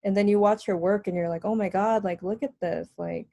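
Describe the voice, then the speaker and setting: A young woman in her twenties, chatting casually as a podcast co-host. She tells stories with animation and keeps slipping into other people's lines as she goes. Her voice sits at a middling pitch. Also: fairly quick, creaky, no echo. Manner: animated storytelling, acts out what people said. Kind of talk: casual chat. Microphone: video call.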